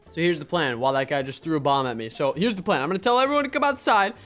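A young man with a fairly high voice chats through a round of an online game, talking to his viewers in a casual running commentary. He swings from easy rambling into sudden loud, excited outbursts. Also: rapid-fire, soft background music. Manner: excitable, jumps to loud exclamations. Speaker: gaming video host.

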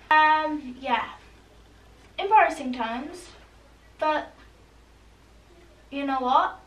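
Teen girl vlogger, high voice, rambly, recorded from a distance. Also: fairly bright tone. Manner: rambling, chatty, full of "like" and "honestly". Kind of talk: casual talk to camera. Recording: echoey room, mic at a distance.

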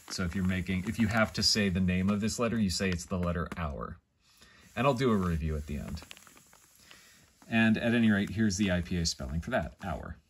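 A man teaching an alphabet in a casual, rambling way, pausing and correcting himself often as he thinks aloud. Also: deep voice. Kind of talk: casual explanatory lesson.

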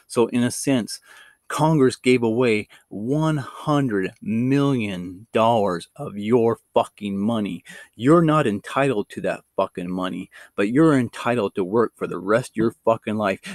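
A man's voice: mid-range voice, no room sound, clean studio sound. A middle-aged man ranting angrily and profanely as a vlogger, repeating himself for emphasis. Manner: angry, profane, repetitive ranting. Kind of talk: ranting vlog monologue.

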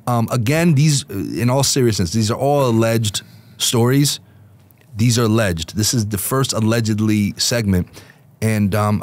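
A man hosting a podcast in casual chat, joking and hedging with repeated disclaimers. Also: on the low side. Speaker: podcast host.

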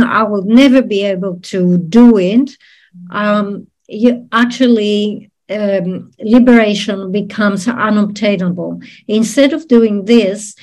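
Woman, Buddhist teacher, unhurried and patient delivery with plenty of ums, mid-pitched voice. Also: darkish tone. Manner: measured, explanatory, with frequent fillers. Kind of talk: dharma teaching talk.

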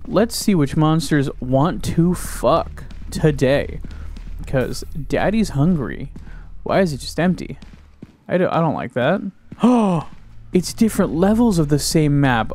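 A man's voice: a little high, darkish tone. A young man giving casual gaming commentary, joking crudely, talking to himself and yelping when startled. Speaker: gaming YouTuber.

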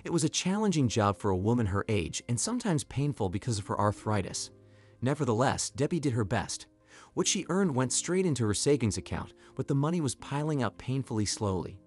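A man giving scripted story narration in an even, clear delivery. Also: medium pitch, fairly quick, faint music behind.

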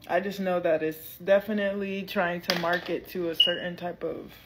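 A woman's voice: fairly low pitch, little pitch movement, normal speed, heavy background noise. A woman speaking hesitantly, trailing off and restarting.

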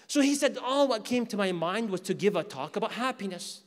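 A man giving a religious lecture at a mosque in an animated way, acting out imagined speakers and asking the audience questions. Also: high voice, fairly quick. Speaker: Islamic teacher. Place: mosque hall. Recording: long hall reverb.

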